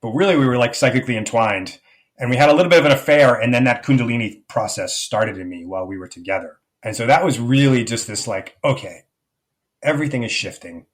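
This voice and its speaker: A man speaks quickly and earnestly, telling a deeply personal story as a podcast guest. His pitch sits in a middle range, and his talk is full of loose fillers as he tumbles from one thought to the next. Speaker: guest, life coach.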